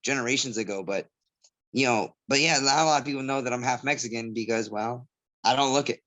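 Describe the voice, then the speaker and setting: A man's voice: mid-range voice, a little fast, a bit bright. A man, chatting casually as an interview guest and rambling through stories. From Southgate, California. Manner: rambling, storytelling with imitated voices. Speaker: MMA fighter guest.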